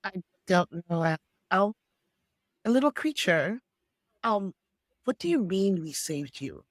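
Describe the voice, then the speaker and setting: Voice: mid-range voice, sing-song, slow, no room sound, studio quality. A player in a tabletop game, hesitant and wary in speech.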